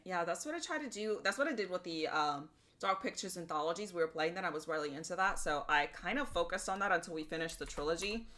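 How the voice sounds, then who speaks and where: A woman streamer chatting casually and telling stories in an animated, profane way. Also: lowish voice, fast. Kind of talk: casual livestream chat.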